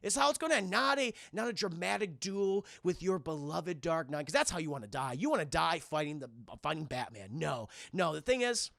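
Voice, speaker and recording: A man's voice: a little high, big pitch swings, fairly quick, gravelly, hardly any pauses, a bit bright, no room sound, studio quality, exaggerated voice. A man voicing a fed-up, bitter ordinary middle-aged man in a seething rant.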